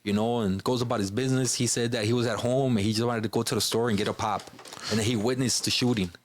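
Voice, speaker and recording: A man's voice: medium pitch, steady tone, fast talker, slight background noise. A man from Chicago, a podcast guest, telling a personal story in a casual, informal way, filling his speech with "you know" and "bro".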